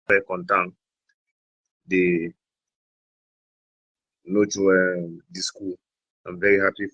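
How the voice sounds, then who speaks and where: A man from Cameroon talks in a husky, lowish voice, laughing often as he switches between French, English and pidgin. The sound is dry and close, with no room around it. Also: a bit bright, no echo, rough recording. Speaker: guest blogger. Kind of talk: casual interview chat.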